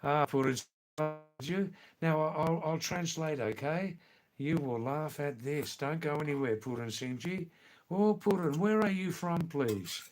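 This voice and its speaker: A man's voice: on the high side, unhurried. A man hosting a casual live stream, chatting with viewers in a teasing way and repeating phrases for effect.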